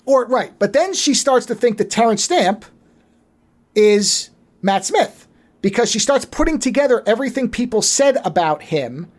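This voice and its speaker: Podcast co-host, casual film recap, animated storytelling, swears freely, mid-range voice. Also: medium pitch, moderate pace. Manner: acts out characters' lines mid-story. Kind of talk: casual movie recap chat.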